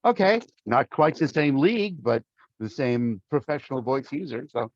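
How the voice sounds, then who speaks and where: A middle-aged man telling his stories as a guest on an interview show, playing out the other voices in them with some gusto. His sound is dry and a little dull. The pitch sits mid-range. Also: moderate pace, no echo. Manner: animated storyteller acting out quoted voices. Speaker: voice actor guest. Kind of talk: casual interview storytelling.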